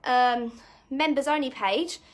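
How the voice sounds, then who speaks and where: A woman's voice: sits high, slow pace, reverberant, recorded from a distance. A woman coaching a live online workout class, chatty and encouraging, a bit out of breath as she demonstrates the moves. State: slightly out of breath. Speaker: fitness coach.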